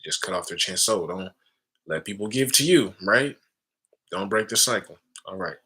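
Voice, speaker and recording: Spiritual teacher, deep sharp voice, casual talk, calls listeners family. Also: male voice, expressive, normal speed, husky. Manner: casual, addresses listeners as family, frequent tag questions.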